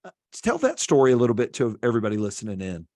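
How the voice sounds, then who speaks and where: A man hosting a podcast interview, friendly and unhurried when he asks his questions. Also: medium pitch, wildly swooping pitch, dark tone, no echo, studio quality. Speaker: podcast host.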